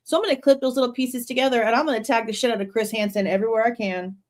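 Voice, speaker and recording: A woman's voice: a little high, fairly even intonation, racing. A woman hosting a true crime livestream, reading passages from a book aloud and breaking off into blunt, sarcastic commentary with swearing. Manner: reads quoted passages, then breaks off to comment.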